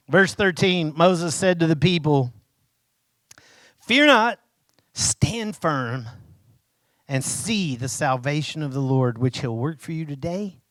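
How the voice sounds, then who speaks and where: A man preaching a sermon as pastor, animated, acting out biblical figures in casual modern speech. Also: fairly high pitch, dry recording. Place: church.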